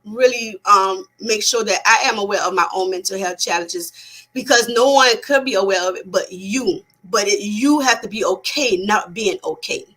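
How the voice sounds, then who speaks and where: Bright, breathy woman psychotherapist. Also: medium pitch, normal speed, low-quality recording. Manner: earnest, repeats herself, restarts phrases. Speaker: psychotherapist guest. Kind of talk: casual interview chat.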